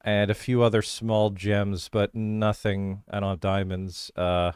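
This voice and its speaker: A generous, easygoing adventurer in a tabletop game, chatting casually over a meal, as a man plays him in his own voice. The voice is low and smooth, recorded dry and close. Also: little pitch movement, unhurried, a little mellow, dry recording, natural voice. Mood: sheepish. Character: smelly, generous adventurer with a keen nose.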